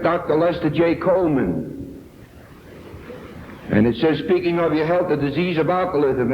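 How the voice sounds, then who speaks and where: A man's voice: on the high side, slight background noise. A man from New York giving an earnest, emphatic personal testimony at a recovery meeting. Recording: echoey, dull 1970s tape recording.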